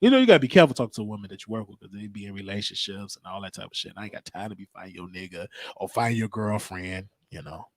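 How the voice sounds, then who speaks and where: A man hosting a talk show, telling stories in a casual, slangy, animated monologue. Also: fairly low pitch, rapid-fire, hardly any pauses, dry recording. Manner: animated, slangy, acts out quotes.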